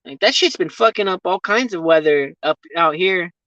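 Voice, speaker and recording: Chatting loosely with live viewers from his vehicle, a livestreamer rambles from one thought to the next, swears freely, and laughs often. His voice is high-pitched and animated at a normal speed, with a sharp tone and no room sound. The stream audio is dull and lo-fi, close and dry.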